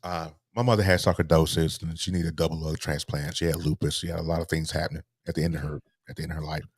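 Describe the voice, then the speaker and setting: A man, a guest telling a painful personal story in a halting way, repeating words, his voice sinking low and soft. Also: level tone, breathy edge, dry recording. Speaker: interview guest.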